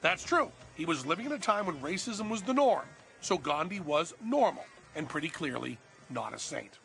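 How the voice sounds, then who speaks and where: A man narrates a comic documentary with sarcastic, profane delivery. His voice is high and gravelly, and it leaps around in pitch. Soft music plays underneath. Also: sing-song, normal speed. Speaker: host and narrator.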